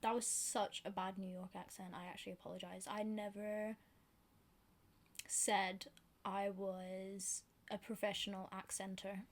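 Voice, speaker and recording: A woman's voice: mid-range voice, flat delivery, unhurried. A British woman vlogging about books in a chatty, rambling, self-deprecating way. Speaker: book vlogger. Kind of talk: casual chat to camera.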